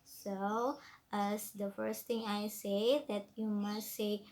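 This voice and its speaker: Slow-speaking Indonesian woman teaching. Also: mid-range voice, little pitch movement, a little mellow. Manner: slow, deliberate, frequent fillers. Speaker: presenter giving tips. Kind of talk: explanatory lesson.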